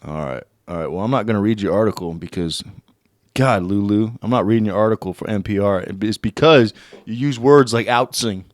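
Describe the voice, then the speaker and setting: A young man from the United States hosting a casual solo podcast, swearing and rambling as he looks things up and reads aloud haltingly. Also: on the low side, no room sound. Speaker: podcast host.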